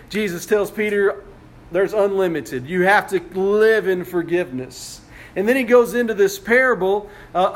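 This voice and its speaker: A male pastor preaching a sermon, retelling a story conversationally with frequent restarts. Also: high voice.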